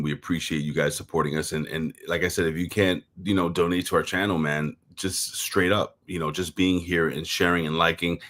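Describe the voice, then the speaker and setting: A man with a New York accent talks wrestling in a loose, meandering way, swearing freely and stumbling over repeated words. His voice sits very low. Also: a bit bright. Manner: rambling, profane, repeats words and fills with "um". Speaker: co-host of a wrestling review show. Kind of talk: casual livestream chat.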